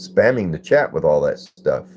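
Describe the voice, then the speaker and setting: A man's voice: very deep voice, big pitch swings, normal speed, darkish tone, highs cut off, a little hiss or hum. A man, hosting a casual phone livestream and greeting viewers by name in a laid-back way. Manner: laid-back, greets chatters by name and reads comments aloud. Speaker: livestream host.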